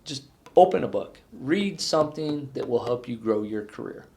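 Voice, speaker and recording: A middle-aged man and retiring fire chief, reflecting in an exit interview, earnest and halting with many restarts. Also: medium pitch, animated, a little mellow.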